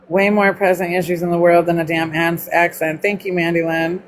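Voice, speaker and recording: A woman's voice: fairly low pitch, little pitch movement, moderate pace. A middle-aged woman from Mississippi with a Southern accent, blunt and chatty, swearing freely as she talks to viewers live. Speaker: livestream host. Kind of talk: casual live chat with viewers.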